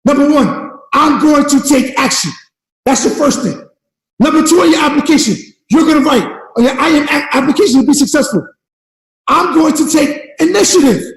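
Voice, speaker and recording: Man, high-pitched, gravelly, shouting motivational speech, echoey room with long reverb. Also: lively intonation, moderate pace. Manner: shouting, fired-up preacher-like delivery. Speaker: network marketing leader.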